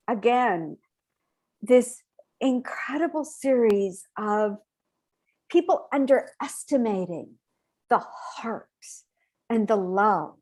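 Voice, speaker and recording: A woman minister giving a sermon, heartfelt and emotional, often restarting her sentences. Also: medium pitch. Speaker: spiritual minister.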